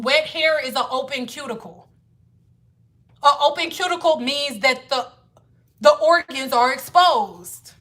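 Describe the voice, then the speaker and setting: A woman's voice: high voice, unhurried, pauses often, a bit bright. A woman hair care educator talking to viewers on a casual livestream, blunt and exasperated, with a lot of swearing. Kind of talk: casual livestream lesson and rant.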